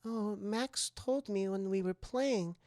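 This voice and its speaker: A man playing a nine-year-old girl, soft, earnest, slightly raised pitch, dry close sound. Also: slow pace, no room sound. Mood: sweet, wistful. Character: sweet, overly polite nine-year-old adopted girl.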